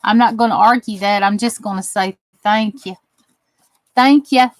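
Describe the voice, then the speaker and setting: With a moderate pace and fairly even intonation, a medium-pitched woman with a Southern US accent chats warmly to her craft channel viewers while she works, drawling folksy phrases. The recording is rough but has no echo.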